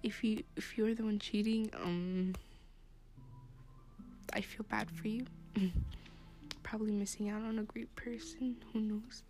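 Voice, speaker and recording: A woman's voice: mid-range voice, fairly even intonation, a little slow, pauses often. A young woman hosting her own podcast in casual, rambling chat, with plenty of fillers and laughs, recorded while she sits in a classroom. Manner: chatty, rambling, laughs often, many fillers. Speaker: podcast host. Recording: music behind the voice.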